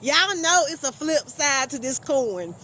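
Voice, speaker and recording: High, lively woman streaming live. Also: unhurried, a little hiss or hum. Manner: laughs often, animated and teasing. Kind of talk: casual live stream chat.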